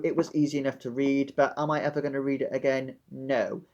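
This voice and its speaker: A man's voice: mid-range voice, little pitch movement, fairly quick, a little mellow, dull audio. A young man vlogging about books in a dramatic, sardonic way. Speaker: book vlogger. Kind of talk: casual book vlog.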